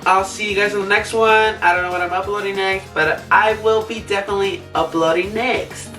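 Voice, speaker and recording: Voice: medium pitch, steady tone, a little fast, sharp tone. A young adult vlogger in a rambling, casual advice chat who acts out their own past self-talk. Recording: roomy, distant mic, faint music behind.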